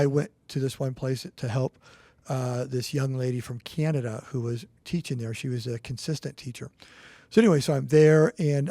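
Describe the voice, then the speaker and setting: A middle-aged man co-hosts a church podcast, telling a personal story in a casual chat. He rambles earnestly and restarts his sentences, his mid-range voice mellow and free of room sound.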